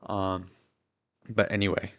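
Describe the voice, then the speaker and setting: A man's voice: low-pitched, level tone, slow pace, fairly bright tone. A young man in his twenties chatting casually on a livestream, rambling with lots of fillers and swearing. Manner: rambling, filler-heavy, profane.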